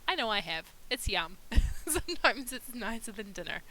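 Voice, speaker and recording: A woman's voice: on the high side, big pitch swings, normal speed, sharp tone, poor audio. A woman giving casual let's-play commentary, chatting to her game characters and laughing often. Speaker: gaming YouTuber.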